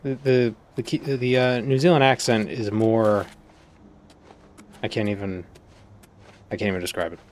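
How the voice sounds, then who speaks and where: A man's voice: on the low side, steady tone, normal speed, long pauses, darkish tone, a little hiss or hum. A man casually chatting and musing while streaming a game, often trailing off mid-sentence. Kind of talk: casual gaming stream chat.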